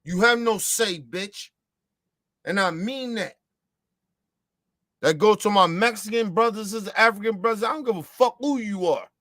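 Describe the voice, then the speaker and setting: Heated ranting host, American man, high-pitched and heated, profane, repetitive delivery, close dry sound. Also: normal speed, long pauses, fairly bright tone, no room sound. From United States. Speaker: show host. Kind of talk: ranting monologue.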